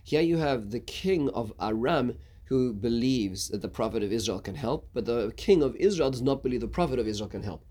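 A man teaching a casual Bible lesson, halting, with many stuttered restarts. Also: medium pitch, expressive, warm tone. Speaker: Torah teacher.

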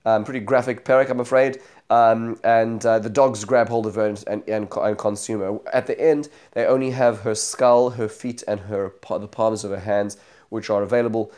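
A man's voice: on the low side, steady tone, moderate pace, darkish tone. A man teaching a Bible study lesson, retelling the chapter as a story, voicing the quoted speakers, with many fillers and restarts.

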